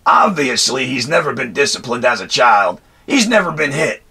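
A Marine veteran ranting angrily through a personal story, cursing often and circling back with "anyway". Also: male voice, mid-range voice, big pitch swings, moderate pace, bright, forceful tone, breathy edge. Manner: profane, angry, rambling with restarts and "anyway". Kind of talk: heated personal storytelling rant.

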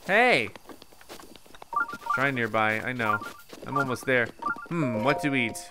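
A man's voice: mid-range voice, expressive, takes it slowly, over loud music. A man doing casual let's play commentary, musing to himself and easily distracted. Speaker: gaming video host.

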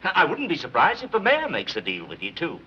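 A man's voice: a little high, huge pitch swings, a little fast. A man playing a sarcastic police commissioner who mocks a gangster, on a dull 1930s film soundtrack with hiss. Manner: dry, mocking.

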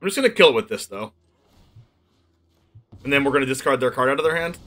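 Male streamer, bright tone, muttered live play-by-play of a card game with excitable outbursts. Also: medium pitch, fast talker. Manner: thinks aloud, muttering plays, with sudden excited outbursts. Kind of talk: live gameplay commentary.

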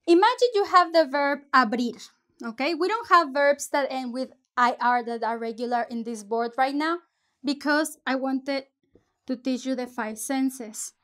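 High-voiced, slow-talking teacher woman. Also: a bit bright. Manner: patient, explains step by step, mixes English and Spanish. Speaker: Spanish teacher. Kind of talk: language lesson.

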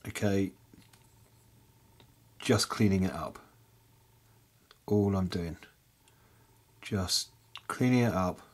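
A man hosting a casual miniature-painting tutorial, rambling with lots of fillers and muttering softly to himself as he paints, chewing peanuts as he talks. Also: sits low, slow pace, pauses often. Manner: rambling, chatty, many fillers; chewing peanuts while talking. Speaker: miniature painting hobby channel host.

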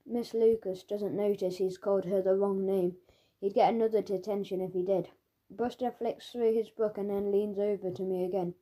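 A woman reads a children's book aloud in the voice of a cheeky schoolboy telling his own story. Her tone is warm and mellow, her pitch sits in a comfortable middle range, and the studio recording is close and clean. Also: normal speed. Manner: lively, storytelling, voicing a schoolboy's thoughts. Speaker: audiobook narrator. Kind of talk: first-person children's audiobook narration.

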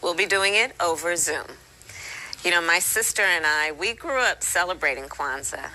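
A woman giving a measured address that turns to storytelling. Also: lowish voice, animated, bright, forceful tone, rough recording.

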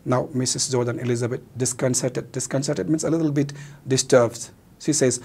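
A man's voice: mid-range voice, steady tone, moderate pace, a little mellow, husky. A male teacher with a Manipuri accent, a native Meitei speaker, explaining a play in a recorded lesson, mixing Meitei and English and glossing words.

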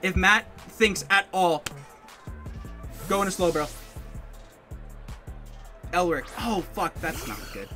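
A man commentating his own competitive game match, thinking aloud in quick bursts and getting excitable. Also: sits high, soft background music. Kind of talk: live gameplay commentary.

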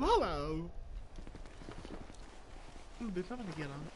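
A woman playing a video game, chatting casually and breaking into loud, profane, excited outbursts. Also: mid-range voice, normal speed, long pauses. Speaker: gamer. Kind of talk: casual reactive commentary while gaming. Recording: clear background noise.

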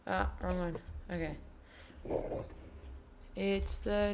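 A woman playing a video game and commenting casually, tender and emotional, cooing at a bear and swearing softly under her breath. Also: medium pitch, animated, slow pace, noisy background. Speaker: gaming video host. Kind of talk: casual let's play commentary.

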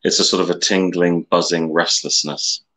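A man's voice: low-pitched, fairly even intonation, moderate pace, fairly bright tone. A man talking on a video call as a coaching client, hesitant and wry, often restarting his sentences.

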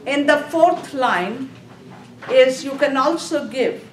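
A woman's voice: high voice, lively intonation, slow, a little hiss or hum. A woman lecturing nursing students, asking questions and answering them herself and repeating key terms. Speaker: nursing instructor. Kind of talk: classroom lecture. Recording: echoey room, mic far off.

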